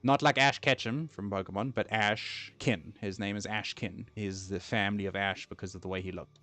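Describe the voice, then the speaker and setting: A man's voice: lowish voice, fairly even intonation, normal speed, pushed and bright. A young man chatting casually while playing a game, rambling and easily distracted, self-deprecating. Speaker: gaming streamer.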